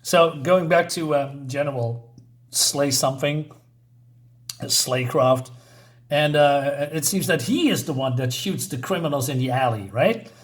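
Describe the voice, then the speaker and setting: Brief: male comic reviewer, loose and chatty, frequent chuckles, slightly high voice. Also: a little slow. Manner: chuckling often, rambling with fillers. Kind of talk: casual review chat.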